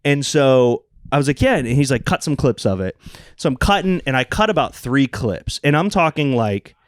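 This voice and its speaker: A young man talking on a podcast, telling stories with lots of energy and jumping into the voices of the people he quotes. He swears casually, and his voice is medium in pitch. It is recorded close up with a dry sound. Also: moderate pace, dry recording. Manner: animated storyteller, acts out quotes, swears casually. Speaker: social media producer and podcast regular.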